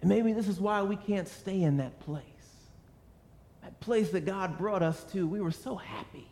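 A man's voice: sits high, normal speed, dark tone. A man preaching a sermon with an earnest, storytelling delivery full of rhetorical questions. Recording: long hall reverb.

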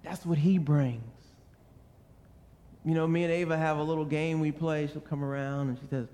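A man's voice: on the high side, steady tone, moderate pace, warm tone, dull audio. A man preaching a sermon with an earnest, storytelling delivery full of rhetorical questions. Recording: long hall reverb.

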